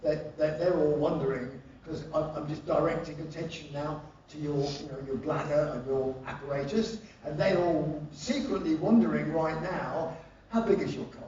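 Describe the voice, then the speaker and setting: A man's voice: on the high side, normal speed, few pauses, slight background noise. A man telling profane, laugh-filled stories on a live stage. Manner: animated, profane, laughing often. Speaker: stage storyteller. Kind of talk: live spoken-word storytelling. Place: live concert venue. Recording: distant echoey live hall, dull.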